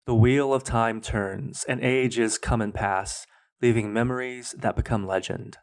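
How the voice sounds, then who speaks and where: A man hosting a podcast, reading his own fan fiction aloud in a measured, dramatic way. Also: mid-range voice, steady tone. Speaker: podcast host.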